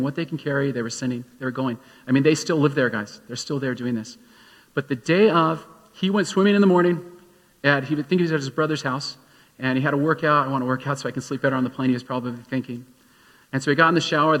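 A man's voice: medium pitch, fairly bright tone. A man preaching a sermon as pastor, telling a story and then urging his listeners with rising emphasis. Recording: long hall reverb.

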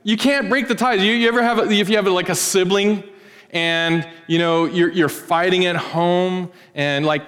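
Male pastor with a light, high-ish voice. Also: a little fast, fairly bright tone, clear, resonant tone, in a large hall. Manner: conversational, joking, acts out little scenes. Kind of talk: sermon. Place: church.

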